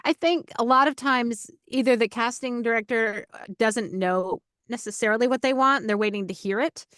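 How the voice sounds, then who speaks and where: A middle-aged woman, a voice actor and coach, talking as an interview guest in an energetic, chatty way with many restarts and fillers. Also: fairly high pitch, moderate pace, clean tone, dry recording, clean studio sound. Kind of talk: casual interview talk.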